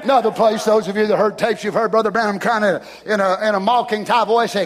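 A man in his sixties preaching a sermon, fervent, often shouting, then dropping to a hush. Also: high-pitched, fairly even intonation, fast talker. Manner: fervent, often shouting, swings between loud and hushed. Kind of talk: revival sermon.

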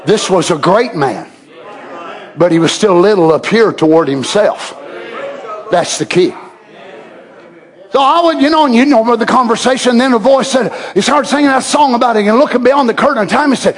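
A preacher with a strikingly high voice that leaps and falls in pitch. He alternates between fervent shouting and hushed, slowed-down asides. The tone is a full sermon delivery. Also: lively intonation.

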